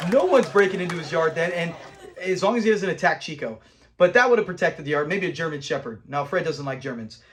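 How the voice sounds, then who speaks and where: A man hosting a casual episode review, animated and acting out lines from scenes. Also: high voice. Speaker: show host reviewing episodes.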